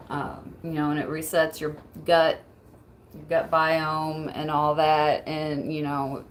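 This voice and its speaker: A woman's voice: low-pitched, slight background noise, poor audio. A woman streamer in casual livestream chat, laid-back, swearing freely and laughing often as she reads messages.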